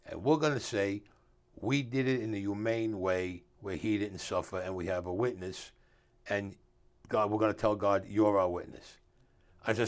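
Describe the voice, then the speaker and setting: A man's voice: on the low side, steady tone, moderate pace. An older man, telling stories in a casual interview and acting out the dialogue in a streetwise way. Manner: streetwise storyteller, acts out dialogue, drops grammar. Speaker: author and guest.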